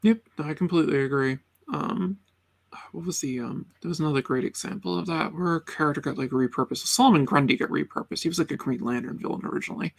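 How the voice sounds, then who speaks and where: A gravelly, slightly raised voice belongs to a middle-aged man from the Boston area. He hosts a loose, casual chat at an easy pace. He fills his pauses with ums and chuckles often. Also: fairly high pitch. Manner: laid-back, many ums, chuckles often.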